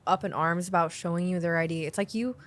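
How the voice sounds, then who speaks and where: A woman's voice: on the low side, quick pace, fairly bright tone. A woman in casual podcast chat, sassy, talking about difficult bar customers. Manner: sassy, addresses others as girl and honey.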